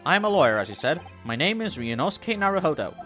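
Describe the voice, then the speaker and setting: A man's voice: fairly high pitch, very animated, fast, sharp tone, faint music behind, voice pushed up. Man playing a hesitant young lawyer. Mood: formal. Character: cautious young male lawyer.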